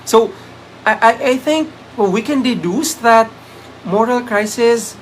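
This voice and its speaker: Speaking slowly yet animatedly in an extremely high pitch, this Filipino-accented man hosts a live exam review as lecturer, mixing Tagalog with English. He says "um" often and thanks viewers by name, over a little hiss or hum.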